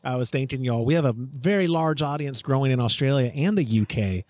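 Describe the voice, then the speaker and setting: A man's voice: mid-range voice, fairly quick, a little mellow, no echo. A man hosting a homebrewing podcast, chatting casually and reading out live chat comments. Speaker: podcast host.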